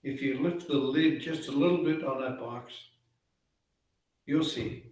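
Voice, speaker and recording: A man's voice: medium pitch, measured pace, darkish tone, slight background noise, close to an everyday voice. A man voicing an eager, trusting male seagull who is easily fooled. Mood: obliging. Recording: echoey room, far from mic.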